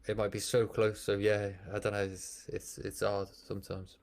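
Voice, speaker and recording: A man, a former pro cyclist, calmly explaining race tactics in a relaxed podcast conversation. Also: on the low side, normal speed, vocal fry. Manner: thoughtful, explanatory. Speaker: former professional cyclist, guest. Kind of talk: casual podcast chat.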